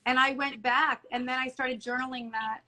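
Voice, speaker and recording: A woman's voice: sits high, fairly even intonation, normal speed, pushed and bright, poor audio. A middle-aged woman talking earnestly and emotionally in an interview, often retelling conversations. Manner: earnest and emotional, many restarts and quoted dialogue. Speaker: salon owner guest. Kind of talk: candid interview talk.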